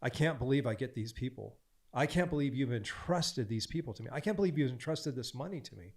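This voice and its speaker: A man speaking as a podcast guest in an animated, preachy way, stacking repeated phrases as he coaches. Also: medium pitch, brisk.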